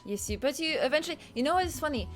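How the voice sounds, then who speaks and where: Woman, guest, casual chat, bubbly, eager, slightly high voice. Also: expressive, racing. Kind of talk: casual video-call chat.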